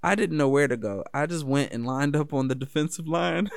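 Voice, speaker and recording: Gravelly laid-back man from D.C. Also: a little high, brisk, no echo. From Washington, D.C. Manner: laid-back, profane, laughs often. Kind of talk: casual personal storytelling.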